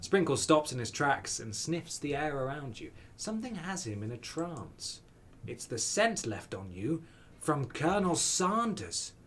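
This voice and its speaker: A man's voice: fairly high pitch, very animated, unhurried, slight background noise. A man streaming a dating game, reading the text aloud with playful, wry asides.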